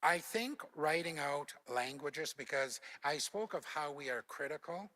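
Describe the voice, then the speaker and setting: A man's voice: a little high, lively intonation, a little slow, sharp tone. An older man from Alberta, a former Cree teacher, explains language points in a panel talk with patient, instructive anecdotes. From Alberta, Canada.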